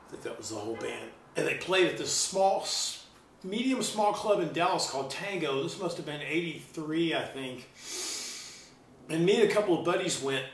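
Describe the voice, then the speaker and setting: A middle-aged man telling stories in a loose, animated way, swearing freely, in a casual chat. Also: on the high side, moderate pace, reverberant, far from the mic, a little hiss or hum. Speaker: guest musician.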